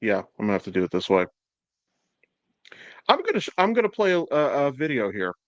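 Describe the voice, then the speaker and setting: A man's voice: mid-range voice, wildly swooping pitch, fairly quick, fairly bright tone, no echo, lo-fi sound. A man hosting a podcast in casual chat, swearing a lot, rambling and laughing often. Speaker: podcast host.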